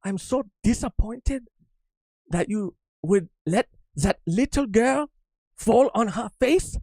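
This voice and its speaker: A man's voice: sits high, expressive, slow, warm tone, no echo, pitched above the performer's own voice, heavily acted, low-quality recording. A man doing Vegapunk, a scolding old scientist. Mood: disappointed scolding. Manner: theatrical, scolding. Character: disappointed old male genius scientist, cartoon.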